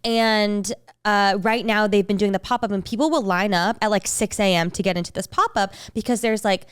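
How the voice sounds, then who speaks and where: A young woman co-hosting a casual podcast chat, telling a story with lots of excitement and acting out the voices of people she quotes. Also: medium pitch, normal speed, clear, resonant tone, no room sound, studio quality. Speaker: podcast co-host.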